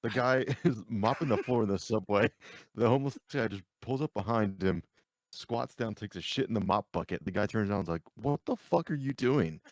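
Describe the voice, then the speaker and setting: A man's voice: lowish voice, brisk, dry recording. A man co-hosting a podcast, eagerly describing a video in casual chat. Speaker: podcast co-host.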